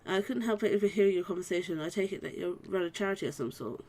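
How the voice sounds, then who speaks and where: A woman reading the lines of a polite elf mercenary, the player character in a video game, in a calm, reassuring way. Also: lowish voice, racing, slight background noise, natural voice. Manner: polite, reassuring read-aloud dialogue.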